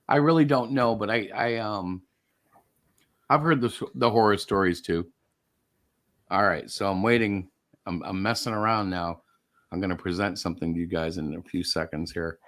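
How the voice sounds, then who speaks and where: Low-voiced rambling stream host man. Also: fairly bright tone. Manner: rambling, halting, laughs while fiddling with tech. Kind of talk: casual chat.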